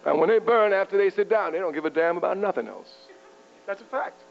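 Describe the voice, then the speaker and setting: Fiery high-voiced man giving a speech. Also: fast talker, gravelly. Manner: fiery, rhetorical, chuckles at own jokes. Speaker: public speaker addressing university students. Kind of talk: impassioned political speech. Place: university lecture hall. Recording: muffled archival tape with mains hum.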